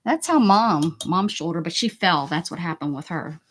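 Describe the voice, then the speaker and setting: Hosting a craft livestream, a woman with a northern US accent chats casually as she paints, muttering and whispering asides to herself and replying to viewer chat. Her voice is fairly low and lively at a normal speed, with slight background noise.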